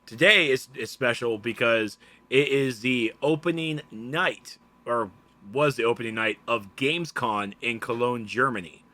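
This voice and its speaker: A man with a Southern American accent co-hosting a casual gaming news show in an animated, chatty way. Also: mid-range voice, unhurried. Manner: animated, laughing, loose and chatty. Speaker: podcast co-host.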